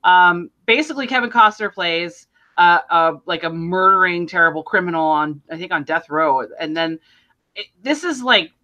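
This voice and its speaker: A woman co-hosting a film podcast, her voice bright and forward. She rambles through plot summaries and jumps into voiced quotes as she goes. Her telling stays loose and animated. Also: on the low side, moderate pace, muffled recording. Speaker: podcast co-host. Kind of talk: casual film discussion.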